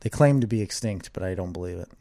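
A man's voice: deep voice, quick pace, dark tone. A man in casual chat who asks curious questions, teases, and laughs often.

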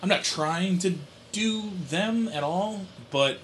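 A man's voice: sits high, takes it slowly, fairly bright tone, slight background noise. A man in casual podcast chat, rambling and correcting himself as he makes dry jokes.

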